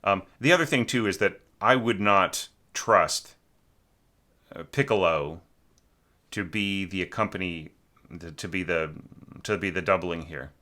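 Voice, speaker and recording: A man with a low, bright and forceful voice, going through a student's orchestration. He talks loosely, with plenty of fillers, and now and then sings a phrase to show what he means. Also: unhurried, long pauses. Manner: chatty, full of fillers, sings phrases to illustrate. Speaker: orchestration teacher reviewing student scores. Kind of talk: informal spoken critique of a score.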